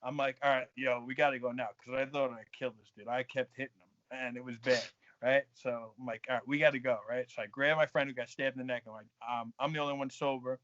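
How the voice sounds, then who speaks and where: A man, a guest on a podcast, telling a story in an animated, profane way and laughing as he goes. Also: medium pitch, fast, no echo. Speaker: guest, fighter. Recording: dull dry lo-fi podcast audio.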